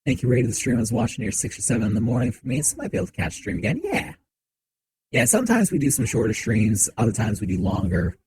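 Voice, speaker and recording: A man streaming a game from a home setup, chatting with viewers in a relaxed, joking way into a desk mic. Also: mid-range voice, quick pace, vocal fry, slight background noise, poor audio. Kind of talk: casual game commentary. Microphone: desk mic on shock mount.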